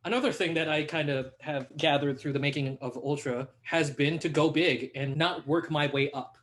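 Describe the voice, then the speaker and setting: A young man chatting as a podcast guest, animated and laughing, acting out quotes as he tells stories. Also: fairly high pitch, moderate pace. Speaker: podcast guest, hip hop artist. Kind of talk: casual conversation.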